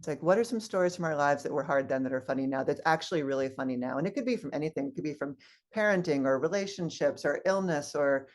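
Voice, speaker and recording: A woman's voice: sits low, expressive, fast. Woman minister asking reflective questions. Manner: reflective, asks questions of the congregation. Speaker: guest minister. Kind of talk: sermon.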